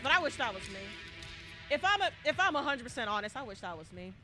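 Lively high-voiced woman streamer. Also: fast talker, soft background music. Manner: chatty, dramatic, swings from hushed to shrieking. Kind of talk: live gameplay commentary.

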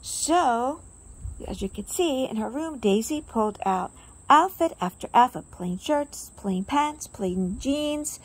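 A woman reading a children's picture book aloud in a gentle storytelling way, adding chatty asides to her listeners. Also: high-pitched, expressive, slow, husky.

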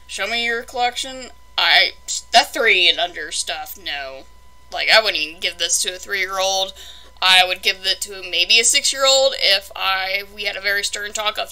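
A woman's voice: mid-range voice, normal speed, sharp tone, poor audio. A young woman chatting casually through a toy unboxing, rambling and exasperated in her asides.

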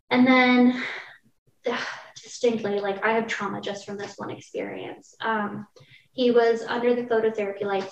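A young woman with a slightly high voice tells a personal story on a casual podcast, candid and vivid, with plenty of fillers. The audio sounds roomy and a little muffled. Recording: roomy, distant, dull-sounding mic.

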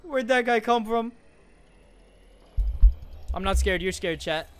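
A male streamer giving excitable, swearing live gameplay commentary and talking to his chat. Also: high voice, slow, faint music behind.

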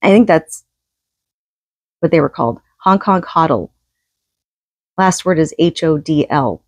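A woman reading a nonfiction book aloud, steady and measured, with an occasional casual aside. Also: deep voice, no room sound. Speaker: audiobook reader.

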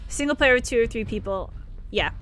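A young woman streaming a shooter game, chatty and excitable, laughing often and talking to her viewers. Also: fairly high pitch, soft background music. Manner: excitable, chatty, quick to laugh, talks to chat. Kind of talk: live gameplay commentary.

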